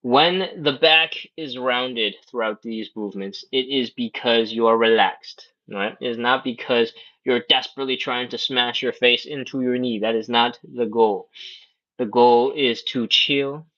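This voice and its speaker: Calm man coaching a stretching workout. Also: mid-range voice, unhurried, muffled recording. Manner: calm, coaching, counting breaths and reps. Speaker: stretching instructor. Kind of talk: live workout instruction. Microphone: livestream setup.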